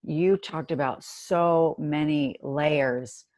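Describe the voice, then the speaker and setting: Slow, measured woman host. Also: low-pitched, darkish tone, dry recording. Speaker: podcast host. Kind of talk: interview conversation.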